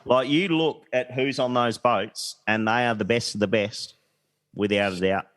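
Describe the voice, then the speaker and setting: A man's voice: medium pitch, moderate pace, fairly bright tone. A man co-hosting a podcast, chatting casually with dry joking quips. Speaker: podcast co-host.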